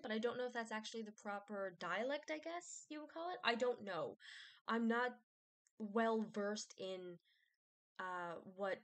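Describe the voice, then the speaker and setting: A woman's voice: fairly high pitch, fairly bright tone. A woman vlogger rambling casually, with many fillers, restarts and self-doubt.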